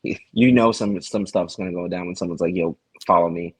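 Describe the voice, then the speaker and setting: A man's voice: deep voice, fairly even intonation, fairly quick, breathy edge, no room sound, low-quality recording. A man co-hosting a casual TV recap chat, laid-back and slangy, laughing often. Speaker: podcast co-host.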